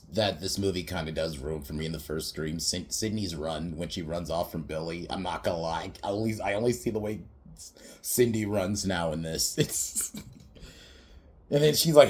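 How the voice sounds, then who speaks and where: A young man hosting a podcast, casually recapping a film in a rambling, profane way, laughing often and slipping into quoted voices. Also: fairly low pitch. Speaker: podcast host reviewing a film.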